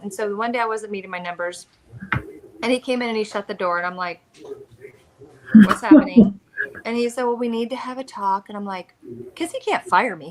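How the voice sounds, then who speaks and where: A woman in her thirties with an American accent, co-hosting a casual live chat and telling a story with lively acted-out quotes. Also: on the high side. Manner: animated storyteller, acts out quoted lines. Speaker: co-host of a reseller live chat.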